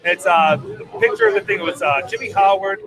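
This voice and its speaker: Laid-back man spinning a story, high voice, busy bar crowd behind. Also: huge pitch swings, brisk, low-quality recording. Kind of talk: casual chat. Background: crowd chatter.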